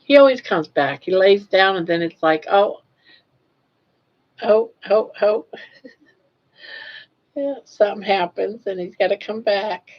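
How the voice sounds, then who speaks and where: A woman's voice: mid-range voice, expressive, unhurried, pauses often. An older woman hosting a casual livestream, cooing baby talk at her pet. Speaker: livestream host. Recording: dull lo-fi livestream audio.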